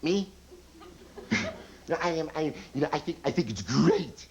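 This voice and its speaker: A man's voice: fairly high pitch, animated, moderate pace, lo-fi sound. A man doing an impression of a nervous, neurotic male comic who stammers and repeats his words. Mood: anxious. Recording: old TV tape, audience noise.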